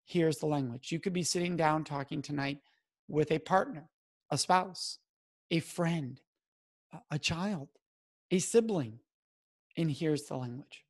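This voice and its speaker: Pausing often at a measured pace, a middle-aged man with a slightly high voice talks straight to his listeners about sexual assault prevention. He earnestly coaches them on what to say, leaning on key words for emphasis.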